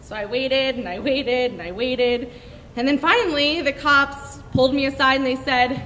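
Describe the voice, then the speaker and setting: A young woman telling a story on stage in a brash, profane, animated way. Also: sits high, normal speed, big-room sound, slight background noise.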